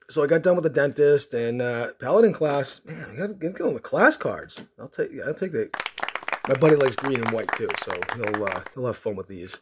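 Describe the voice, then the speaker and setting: A man's voice: mid-range voice, lively intonation, moderate pace, slightly rough. Rambling man chatting over card packs. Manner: rambling, many fillers and restarts; sarcastic, self-mocking storyteller. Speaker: card pack opening vlogger. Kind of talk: casual chat while opening packs.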